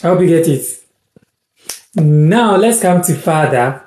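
A man from Ghana teaching words in a casual live-stream lesson, repeating each word slowly and thanking viewers by name. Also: on the high side, animated, darkish tone, echoey room.

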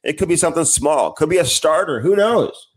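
A man's voice: on the high side, animated, a little fast. A man co-hosting a podcast, chatting casually and reading sponsor ads, often tacking on "man". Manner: breezy, says "man" a lot. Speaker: podcast co-host. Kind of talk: casual podcast chat and ad reads.

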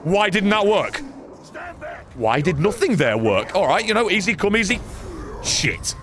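Excitable man doing game commentary. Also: sits high, measured pace, a crowd in the background. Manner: excitable, sarcastic, swearing, frequent yelps and laughs. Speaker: gaming channel host. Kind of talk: gameplay commentary.

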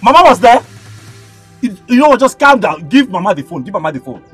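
Male actor as a Nigerian keke driver: high, quarrelsome, shouting; film score underneath. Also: sing-song, fast, breathy edge, soft background music, exaggerated voice. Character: hot-tempered keke driver, a grown son. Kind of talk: Nollywood film acting.

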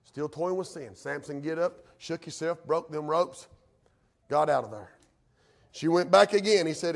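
A male pastor, preaching a folksy, country-spoken sermon that swings from hushed to shouted. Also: on the high side, moderate pace, vocal fry.

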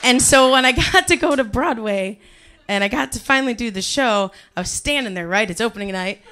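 A woman's voice: a little high, a little fast. Brash, profane woman storyteller. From Cleveland, USA. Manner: profane, animated, swings from quiet to shouting. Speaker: guest speaker telling her life story. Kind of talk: personal storytelling talk to a live audience.

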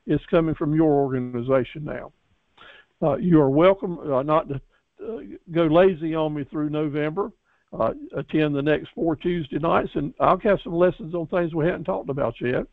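A man with a somewhat high voice coaches his class in a folksy, encouraging way, often restarting and repeating himself. The sound is thin and tinny, like a phone line, and dry, with no room echo. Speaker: business course instructor. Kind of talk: graduation lecture to a class.

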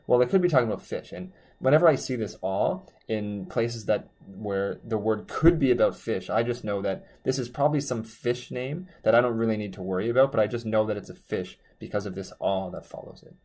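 A man teaching a language lesson in a chatty, loose way, correcting himself and slowing down on words while he writes. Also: lowish voice, a little mellow. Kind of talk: casual explainer lesson. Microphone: desk mic while drawing on a tablet.

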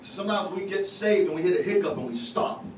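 In a church sanctuary, a pastor gives a folksy, conversational sermon, making confessions and teasing people in the pews. His voice sits high, expressive and quick, and the recording is echoey, distant and noisy.

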